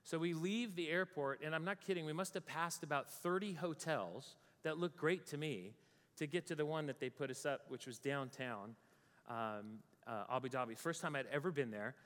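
Brief: American man, slightly high voice, lively storyteller to a crowd, long hall echo. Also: moderate pace. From United States. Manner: animated storytelling, acts out his own panic in a higher voice. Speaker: speaker. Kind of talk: storytelling talk to an audience. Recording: long reverb of a large hall.

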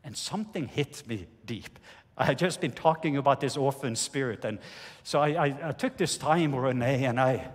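A man with a Norwegian accent preaching a sermon, telling a personal testimony in an earnest, halting way with many restarts. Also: mid-range voice, breathy edge. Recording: reverberant hall.

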